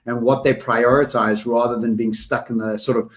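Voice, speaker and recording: A man co-hosting a podcast in casual conversation, energetic and given to quick lists. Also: medium pitch. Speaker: podcast co-host.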